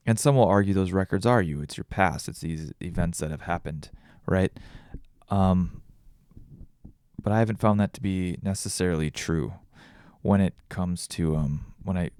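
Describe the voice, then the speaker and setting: A man's voice: low voice, darkish tone, no echo, clean studio sound. A tired man hosting a podcast alone, rambling and thinking aloud with many restarts. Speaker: podcast host. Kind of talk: casual solo reflection.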